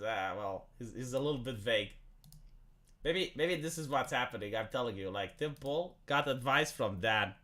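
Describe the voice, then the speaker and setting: A man's voice: mid-range voice, pushed and bright. A man from Romania chatting casually and with amusement on a live stream, rambling with many fillers.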